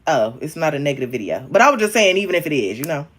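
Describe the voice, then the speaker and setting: A young man chatting casually on a livestream, frank and profane, calling viewers honey and babe, his voice jumping up and down in pitch and loudness. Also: big pitch swings, rapid-fire. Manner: talks directly to viewers, calling them honey, babe and queen. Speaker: livestreaming social media creator.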